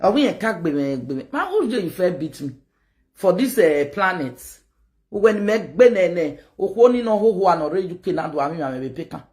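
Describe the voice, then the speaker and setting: A Nigerian woman with a Nigerian accent, ranting to her viewers in a rambling, animated way and mixing pidgin with local-language phrases. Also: on the low side, fairly quick. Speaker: online video host. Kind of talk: casual rant to camera.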